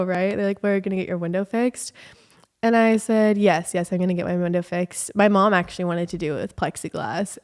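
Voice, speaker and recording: A young woman from California, telling a rambling story in a casual vlog, animated and full of fillers. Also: mid-range voice, clean tone. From Southern California. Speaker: vlogger.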